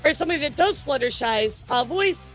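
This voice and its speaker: A woman hosts a casual live stream with a high, bright-pitched voice that keeps jumping up in excitement. She laughs often, swears freely and chats straight to her viewers, with faint music playing behind her. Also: brisk. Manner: giggly, animated, swears casually. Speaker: VTuber news streamer.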